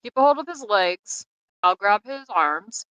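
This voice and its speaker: A woman narrates a tabletop game as its game master. Her voice is bright and crisp, and her talk is loose and chatty with plenty of fillers. She sounds close and dry on a call mic. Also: medium pitch, animated, unhurried, dry recording, low-quality recording.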